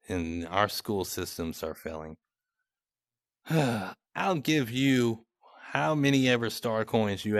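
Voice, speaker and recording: A man's voice: on the low side, a bit bright, no echo, studio quality. A young man and content creator giving casual, mocking commentary on chat messages in a sarcastic tone.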